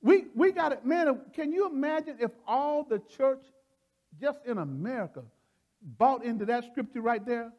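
A man preaching in a folksy, excitable way, often laughing and repeating phrases as he teaches. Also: very high-pitched, normal speed, highs cut off. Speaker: preacher leading a Bible study. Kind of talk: animated sermon teaching.

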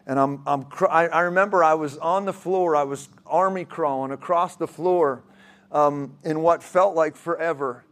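Brief: male preacher, slightly high voice, earnest testimony, frequent restarts. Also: moderate pace. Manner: earnest storytelling with many restarts. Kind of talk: sermon testimony.

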